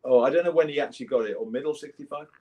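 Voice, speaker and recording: A man's voice: mid-range voice, racing, dark tone. Older English man telling rambling stories. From England. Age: 70s. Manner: rambling anecdotal storytelling with restarts. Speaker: guest musician. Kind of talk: casual interview chat.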